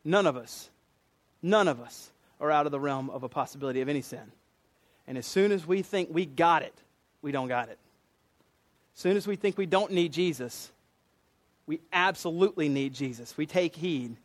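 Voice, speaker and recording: A man's voice: a little high, moderate pace, pauses often. A man with a Southern US accent preaching a sermon in a conversational way, acting out quotes in different voices.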